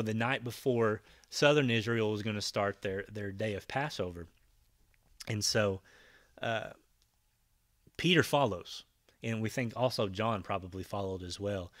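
A man's voice: mid-range voice, normal speed, fairly bright tone, no room sound, clean studio sound. A man preaching a conversational Bible-teaching sermon, retelling scenes with voiced quotes and frequent fillers and restarts. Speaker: pastor.

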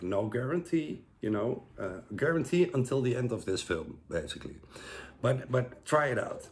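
Guy with a lowish voice talking you through breathing exercises, loose and rambly, lots of um and like. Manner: relaxed, rambling, many fillers and restarts. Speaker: breathwork instructor. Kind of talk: casual guided breathing lesson.

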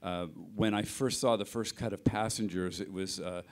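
Hesitant man with a low voice. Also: steady tone, moderate pace. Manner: hesitant, many restarts and fillers. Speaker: sound mixer. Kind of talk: panel interview, anecdotal explanation.

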